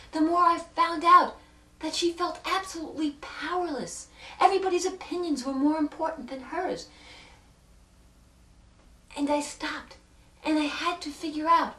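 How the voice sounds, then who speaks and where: A woman telling an emotional personal story in an earnest way, pausing for effect and moving between hushed and loud moments. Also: high-pitched, distant mic. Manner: earnest, with dramatic pauses and swings from hushed to loud. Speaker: self-help speaker. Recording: echoey room, speaker set back from the mic.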